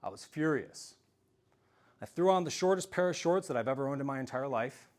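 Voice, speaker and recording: A man telling a story in an animated, self-mocking way during a talk to a live audience. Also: mid-range voice, brisk. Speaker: speaker giving a self-defense talk.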